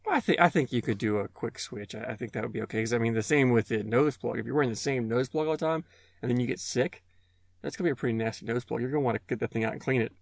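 A man's voice: medium pitch, very fast, creaky, dry recording. Rambling man hosting a casual chat. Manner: rambling, many restarts and fillers. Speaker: podcast host asking questions.

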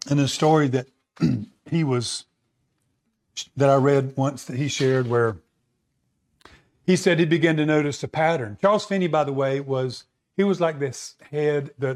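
A man's voice: medium pitch, darkish tone. Man, preaching, conversational, repeats himself, asks the audience questions. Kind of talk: sermon.

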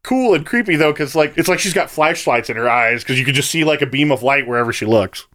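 A man with a slightly high voice talks casually about a video game. He retells it in a relaxed, amused way. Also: quick pace. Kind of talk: casual gaming chat.

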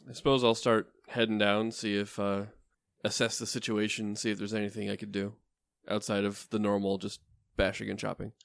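A man plays in a tabletop game, his voice gravelly and low. He speaks in a flat, level, offhand way. The recording is dry. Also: fairly quick, few pauses, dry recording. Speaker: player.

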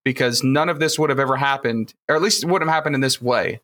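Quick and a bit bright, his mid-range voice carries a Southern Alabama accent. He's a guest and future host on a casual podcast, telling enthusiastic, rambling stories packed with fillers.

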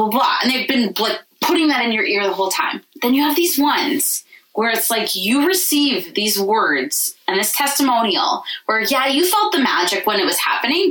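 A woman's voice: medium pitch, fairly bright tone. A woman hosting a podcast in casual chat. She is effusive and calls her guest babe. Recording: voice a bit distant from the mic.

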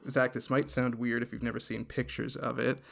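A man's voice: mid-range voice, flat delivery, a little fast, vocal fry, fairly bright tone. A man casually retelling a show's story on a podcast, rambling with lots of fillers. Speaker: podcast host recapping a show. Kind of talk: casual chat.

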